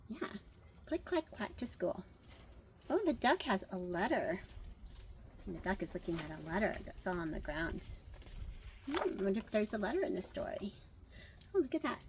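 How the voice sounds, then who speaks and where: An older woman reading a picture book aloud to children, chatty and pausing to comment and wonder aloud between pages. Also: medium pitch, a little hiss or hum.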